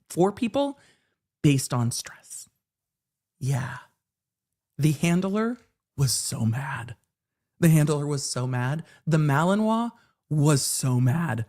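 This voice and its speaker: A woman's voice: a bass voice, takes it slowly, long pauses. A woman hosting a live legal commentary stream, ranting with swearing and acting out courtroom exchanges. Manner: animated ranting with profanity and acted asides. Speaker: host.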